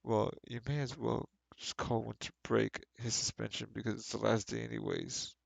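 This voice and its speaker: A man's voice: lowish voice, little pitch movement, normal speed, gravelly, dry recording. A man reading a book aloud on stream and breaking off with sarcastic, exasperated commentary.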